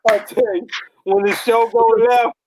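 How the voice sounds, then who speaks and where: High-voiced man reacting with laughs. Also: slight background noise, rough recording. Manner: short laughing reactions and interjections. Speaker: podcast co-host. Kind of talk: casual podcast banter.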